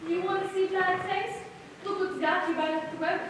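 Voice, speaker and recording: A woman's voice: very high voice, steady tone, moderate pace. Woman playing a catty jilted young woman. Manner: catty, sneering. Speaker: stage actor. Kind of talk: stage play acting. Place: theater stage. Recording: echoey hall, heard from far off, noisy.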